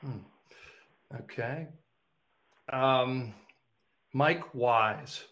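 A man hosting a casual interview, laughing easily and filling pauses with ums. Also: mid-range voice, a bit bright. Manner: laughs easily, hesitant with fillers. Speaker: podcast host.

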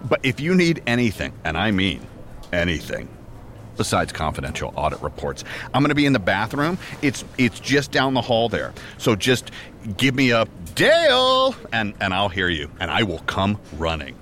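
A flustered, sweaty office accountant. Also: male voice, fairly low pitch, sing-song, moderate pace, a bit bright, slight background noise. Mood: evasive. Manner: rambling, flustered, awkward. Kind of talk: audio drama acting.

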